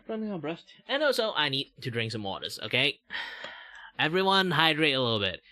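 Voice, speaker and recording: A man's voice: on the high side, huge pitch swings, moderate pace, pushed and bright, dry recording. A young man from Malaysia hosting a casual livestream chat, talking in a rambling, filler-heavy way, laughing often and playfully teasing his viewers. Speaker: livestream host.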